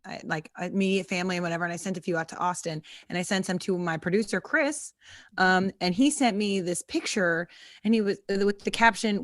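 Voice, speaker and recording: A woman's voice: mid-range voice, no room sound, clean studio sound. A woman hosting a casual podcast chat, joking and playful. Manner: playful, quick jokes. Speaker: comedian host.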